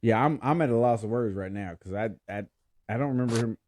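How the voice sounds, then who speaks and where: A man's voice: medium pitch, quick pace, darkish tone, a little hiss or hum. A man hosting a podcast in casual chat, laughing often and stumbling over his words. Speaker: podcast host.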